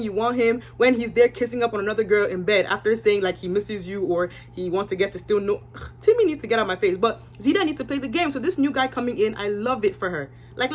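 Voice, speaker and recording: A woman's voice: fairly high pitch, lively intonation, fairly quick. Chatty opinionated young woman vlogger. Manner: opinionated, chatty, lots of "like" and asides to viewers. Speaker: reality show recap vlogger. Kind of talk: casual recap commentary.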